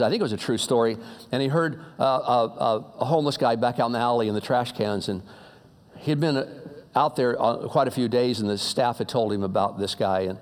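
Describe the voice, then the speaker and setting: A man preaching a sermon in a conversational way, dropping low to muse and rising to emphatic appeals, with casual slang and frequent restarts. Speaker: pastor.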